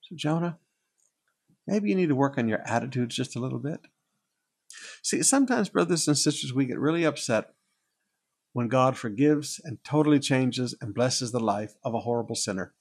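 A man preaching a sermon, with a gravelly, husky voice, repeating phrases for emphasis. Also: mid-range voice, expressive, normal speed. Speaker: pastor.

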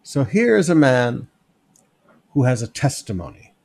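Man preaching, expository sermon, gravelly, lively swings in pitch, conversational and emphatic. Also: measured pace. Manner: conversational, emphatic, asks "notice" and "okay?"; sketches on a board while teaching. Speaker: pastor. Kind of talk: expository Bible teaching sermon.

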